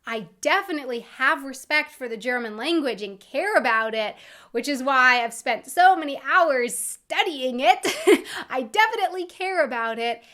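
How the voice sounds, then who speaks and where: A young American woman talking casually to her camera as a vlogger, earnest and quick to laugh. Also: high voice, animated, pushed and bright. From United States.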